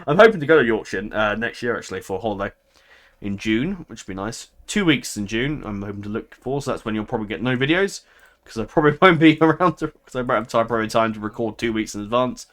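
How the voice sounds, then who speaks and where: A man's voice: medium pitch, expressive, fast, a bit bright. A man giving casual game commentary, chatty and prone to laughing, thinking aloud and second-guessing himself as he goes. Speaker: gameplay commentator.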